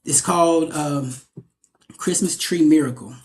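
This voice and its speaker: A young adult man, an actor, telling stories in a casual interview, animated and often repeating his words as he goes. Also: on the high side, unhurried, a little hiss or hum.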